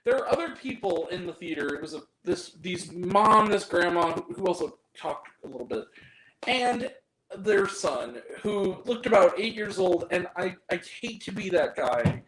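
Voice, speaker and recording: A man's voice: sits high, big pitch swings, moderate pace, a bit bright, echoey room, poor audio. A man giving a ranting movie review, exasperated and profane, with self-deprecating asides. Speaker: film reviewer.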